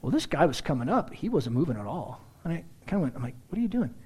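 A middle-aged man preaching a sermon with a slightly high voice that swings widely in pitch. He tells everyday stories in a loose, chatty way, with asides to the congregation and frequent throat-clearing. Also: very animated, fast talker, a little mellow. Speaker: pastor.

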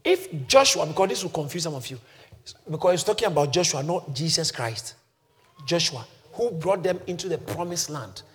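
A male pastor preaching with a high, highly animated voice that leaps from soft, low explanation to loud shouted calls. He teaches scripture in a sermon style, drawing shouted replies from the congregation. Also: moderate pace. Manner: congregation shouts back responses.

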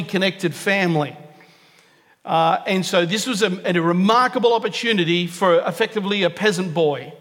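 High-voiced preacher in a reverberant hall. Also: male voice, a bit bright. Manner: earnest, emphatic, repeats key phrases for stress. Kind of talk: sermon. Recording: long reverb of a large hall.

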